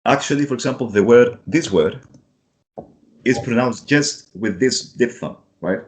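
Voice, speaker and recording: A man's voice: mid-range voice, lively intonation, darkish tone. A man from Chile, an English teacher patiently modelling vowel sounds and checking in with his student. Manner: patient, repeats sounds slowly, keeps checking with "right?". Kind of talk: pronunciation lesson.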